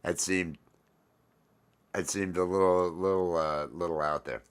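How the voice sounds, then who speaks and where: A relaxed man chatting on his own livestream, drifting from thought to thought and saying things twice. His voice sits on the low side. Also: measured pace, clear, resonant tone. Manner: laid-back, rambling, repeats phrases, greets viewers by name. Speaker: livestream host. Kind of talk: casual livestream chat.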